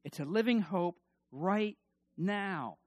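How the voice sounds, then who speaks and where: This middle-aged man preaches as pastor at a slow pace, his high voice animated as he builds to emphatic bursts and leads call-and-response with the congregation. The recording is dry.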